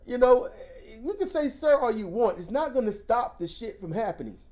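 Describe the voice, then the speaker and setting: A man co-hosting a casual discussion, telling stories in an animated way and breaking into loud mocking quotes. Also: very high voice, moderate pace. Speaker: podcast co-host.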